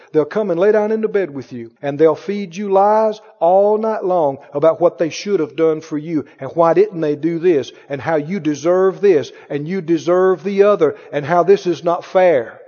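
A man with a mellow voice preaches a sermon in a large hall, captured with dull audio. His delivery is emphatic and repetitive, full of rhetorical questions aimed at the congregation, and he mimics others in a higher voice.

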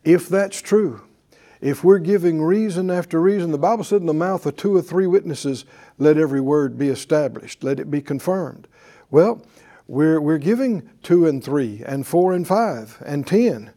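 A man's voice: on the high side, animated, normal speed, warm tone. A male pastor preaching a sermon to a live congregation, with emphatic call-and-response delivery. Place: church before a live congregation.

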